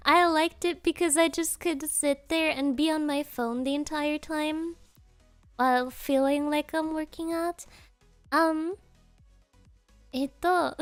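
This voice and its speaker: A woman streamer telling a rambling story in casual chat, giggling often and filling pauses with Japanese interjections. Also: high voice, no room sound.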